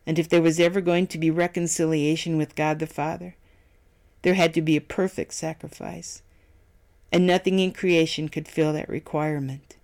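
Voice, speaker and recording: Solemn, measured devotional reader. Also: mid-range voice, a little mellow. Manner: measured, solemn, reciting scripture references. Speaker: devotional speaker. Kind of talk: scripted devotional reading.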